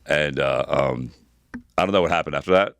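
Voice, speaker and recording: Low-voiced, fast-talking rambling man. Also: creaky, fairly bright tone, smooth, no echo. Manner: rambling storyteller, swears freely, repeats himself. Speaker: podcast co-host. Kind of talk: casual chat.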